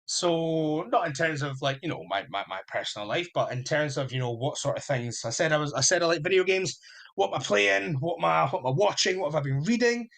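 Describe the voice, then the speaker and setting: A man's voice: on the high side, lively intonation, brisk, gravelly, a bit bright. A young adult man hosting a solo podcast, talking in an enthusiastic, rambling fan manner. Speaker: podcast host. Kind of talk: casual solo podcast chat.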